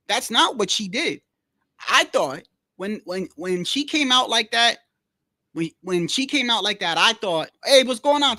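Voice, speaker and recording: A man hosting a casual livestream, rambling in a slangy, animated way and repeating himself as he tells stories. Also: sits high, dry recording, clean studio sound. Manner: slangy, rambling, keeps saying "bro". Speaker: livestream host. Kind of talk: casual livestream boxing chat.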